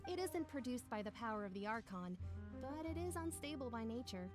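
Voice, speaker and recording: Actress as a high-voiced, polite workshop owner in a game, faint music behind. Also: female voice, expressive, brisk, natural voice. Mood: explaining. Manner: polite, explaining.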